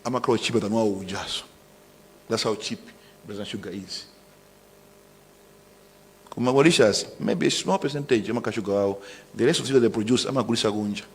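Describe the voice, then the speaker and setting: A man's voice: fairly low pitch, fairly quick, long pauses. A middle-aged Malawian man, a trade minister giving a defiant, emphatic press statement that mixes local words into his English. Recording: long hall reverb.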